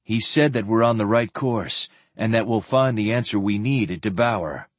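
A man voicing a steady male knight in an audiobook, answering in short, plain lines. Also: lowish voice, normal speed, no echo, close to an everyday voice.

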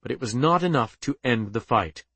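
Man, audiobook narrator, steady measured reading, dry close mic. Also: medium pitch, breathy edge, no room sound.

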